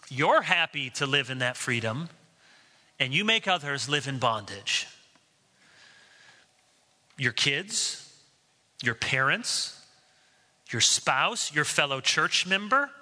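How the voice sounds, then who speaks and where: A man's voice: fairly high pitch, very animated, takes it slowly, pauses often, pushed and bright, in a large hall. A male pastor preaching a sermon earnestly and telling stories along the way. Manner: earnest preaching, storytelling asides.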